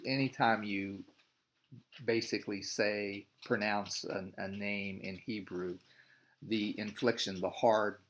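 A man's voice: on the low side, creaky. A man leading a Bible study, reading scripture aloud and then explaining it in a loose, rambling way with many restarts. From United States. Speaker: Bible teacher.

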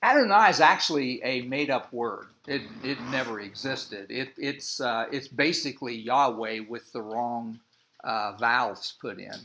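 Halting, slow-talking male teacher. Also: mid-range voice, bright, forceful tone. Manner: hesitant, repeats words, many fillers. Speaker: bible teacher. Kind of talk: classroom teaching.

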